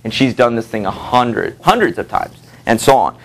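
A man lectures his high school literature class in a relaxed, conversational way, with plenty of fillers and quick asides to the students. He reads passages from the book aloud and voices the characters' lines as he goes.

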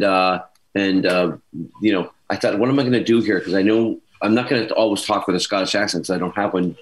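Low-voiced man telling stories on a video call. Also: poor audio. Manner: lively storyteller, many restarts and asides. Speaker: panel guest actor. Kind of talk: casual anecdote telling. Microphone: video call mic.

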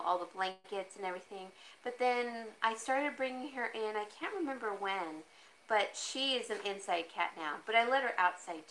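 A woman's voice: fairly bright tone, slight background noise, poor audio. A woman hosting a casual live jewelry sale from home, chatty and easily sidetracked, laughing often and cooing at her cat. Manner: talks to her cat in a high coaxing voice. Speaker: online jewelry seller. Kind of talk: casual live-stream sales chat.

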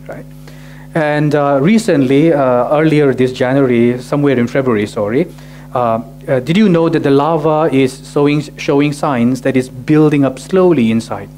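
A man's voice: mid-range voice, a little mellow. A male pastor preaching a sermon, asking rhetorical questions and often adding "right?" to his sentences. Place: church gathering.

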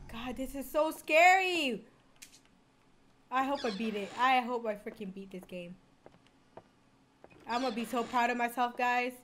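A young woman narrates her own horror game run, jumpy and quick to yelp and gasp. Her voice sits high and sounds bright and sharp. A faint hum runs under the recording. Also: big pitch swings, creaky. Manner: jumpy, gasps and yelps when scared. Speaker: gamer streamer.

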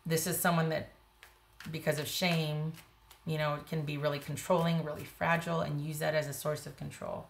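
A woman's voice: low voice, flat delivery, moderate pace, gravelly. A woman giving a casual tarot reading, talking bluntly and emphatically, with frequent restarts. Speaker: tarot reader.

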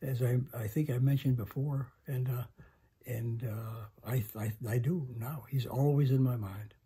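Breathy soft-spoken man in his nineties. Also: medium pitch, steady tone. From United States. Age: 90s. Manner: slow, halting, many pauses and restarts. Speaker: interview guest. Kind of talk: reflective storytelling. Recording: home interview.

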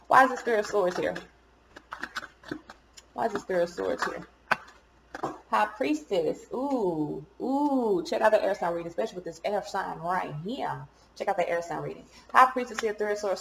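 Woman tarot reader, gravelly voice, casual chatty delivery, echoey room. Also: lowish voice, a little hiss or hum. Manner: chatty, swears and laughs at herself.

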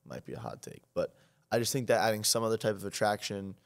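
A teenage boy chats on a school podcast, circling his points with "like" and "um" and frequent restarts. His voice sits on the lower side, relaxed and conversational. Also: quick pace, vocal fry. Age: teens. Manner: rambling, lots of fillers and restarts. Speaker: student podcast co-host. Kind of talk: casual chat. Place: town hall studio.

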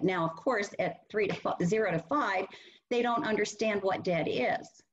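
A woman's voice: mid-range voice, moderate pace. A woman presenting a workshop and teaching caregivers, earnestly acting out what to say to a child. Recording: muffled lo-fi webinar audio.

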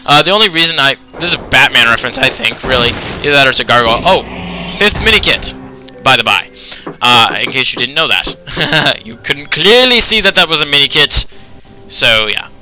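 A man's voice: mid-range voice, expressive, brisk, pushed and bright, faint music behind. Rambling young man commenting on a game. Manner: rambling with many ums and anyways. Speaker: let's play commentator. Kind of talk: casual gameplay commentary.

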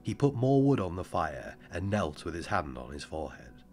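A man with a very deep voice narrates an audiobook in a measured, somber way. His delivery moves expressively up and down. Soft music sits faintly beneath him. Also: sing-song, vocal fry.

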